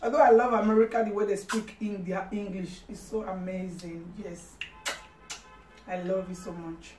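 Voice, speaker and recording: A woman's voice: medium pitch, little pitch movement, moderate pace, music in the background. Woman, Nigerian accent, vlog host, playful, teasing, mixes in pidgin, distant mic, roomy echo. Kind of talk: casual mukbang chat.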